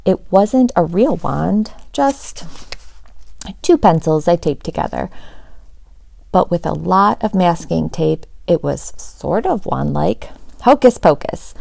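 Woman reading a children's story, warm. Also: fairly low pitch, takes it slowly, gravelly, no echo. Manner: steady, expressive storytelling. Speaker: teacher reading aloud. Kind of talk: children's book read-aloud.

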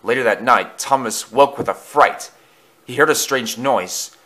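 A man reading a storybook aloud with expressive, dramatic narration. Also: medium pitch, measured pace.

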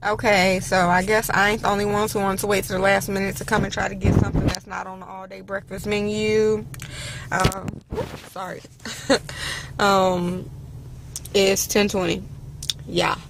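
A woman's voice: medium pitch, level tone, moderate pace, creaky, long pauses, background noise. Chatty woman vlogging from her car. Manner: chatty, rambling, self-deprecating. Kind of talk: casual vlog chat. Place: inside a car while driving. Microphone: handheld camera or phone.

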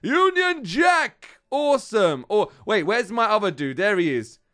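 Chatty high-voiced British man. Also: moderate pace. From United Kingdom. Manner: chatty and excitable, talks straight to viewers as "guys". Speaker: gaming channel host. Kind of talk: casual gameplay commentary.

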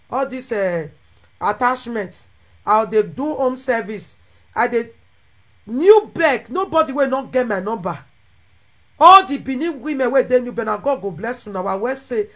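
Ranting Nigerian Pidgin woman, fairly high. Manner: animated, ranting, with sudden shifts between loud and quiet. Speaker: social media content creator. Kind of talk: impassioned monologue to followers.

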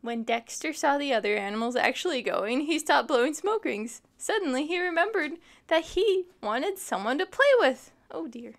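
A woman reading a children's picture book aloud, expressive and adding sympathetic asides. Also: sits high, moderate pace, few pauses. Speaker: storytime reader.

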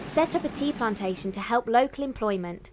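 A woman giving scripted documentary narration in an even, informative voice-over. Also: on the high side, brisk. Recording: voice-over with music behind. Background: music.

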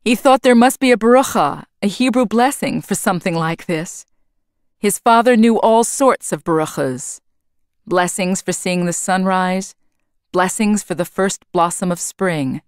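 Slow, clear-voiced woman reading a storybook. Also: medium pitch, dry recording, clean studio sound. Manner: slow, careful read-aloud. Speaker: teacher. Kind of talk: reading a children's storybook aloud.

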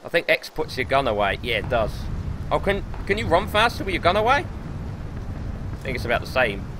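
A young man streaming gameplay live, excitable and swearing as he talks himself through the match. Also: mid-range voice, a little fast, background noise. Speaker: gaming streamer.

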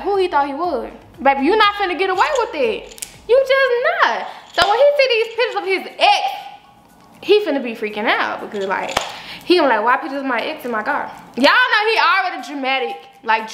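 Young woman host, high bright voice, slangy and hyped, echoey room. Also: slight background noise. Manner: slangy, animated, hyping up followers. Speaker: vlogger, host. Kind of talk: casual chat to camera.

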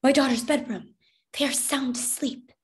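A woman reading aloud, voicing a calm, protective mother who speaks quietly and pleads. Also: high-pitched, moderate pace, pitched above the performer's own voice, lightly acted. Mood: pleading.

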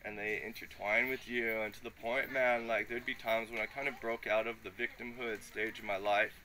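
A man's voice: fairly low pitch, level tone, normal speed, sharp tone, a little hiss or hum. A man giving an emotional, rambling personal testimony full of slang and fillers in front of a gathering. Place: live gathering with listeners.

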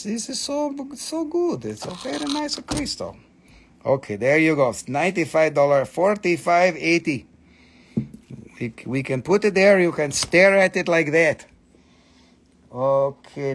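A man hosting a live crystal sale, excitable and casual, swearing freely in broken grammar. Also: a little high. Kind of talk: casual live-stream selling.

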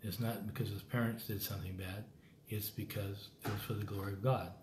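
Hosting a Bible reading show, this man from the United States speaks in a lowish, steady, brisk voice. He rambles earnestly and casually, frequently interrupting himself and restarting, in an echoey space with a little background noise.

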